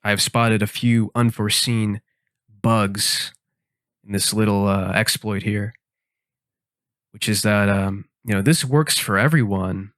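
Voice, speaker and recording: A man hosting a podcast, rambling through a comic monologue with mock-serious, deadpan reasoning while he plays a game. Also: lowish voice, no echo, studio quality. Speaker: podcast host.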